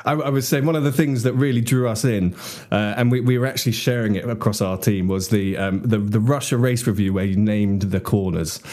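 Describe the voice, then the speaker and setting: A man hosting a podcast in casual chat, talkative and quick to laugh. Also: on the low side, a little mellow. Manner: chatty, laughs often, with filler restarts. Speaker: podcast host.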